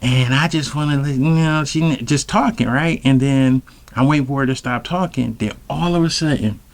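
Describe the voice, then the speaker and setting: A man's voice: medium pitch, normal speed. Rambling man telling a comic story. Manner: rambling, loose slang-heavy delivery; addresses listeners directly. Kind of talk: comedic storytelling.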